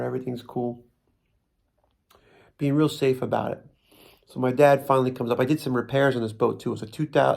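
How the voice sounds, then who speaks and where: A man's voice: medium pitch, vocal fry, a little mellow. A man with a New Jersey accent telling a funny story in a rambling, self-mocking way with many restarts. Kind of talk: casual comic storytelling.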